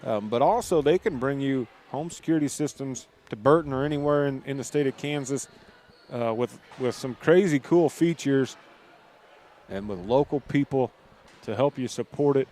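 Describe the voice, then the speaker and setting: Excited man calling a basketball game. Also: medium pitch, moderate pace. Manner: rises loud and excited on plays. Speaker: play-by-play announcer. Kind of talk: high school basketball commentary.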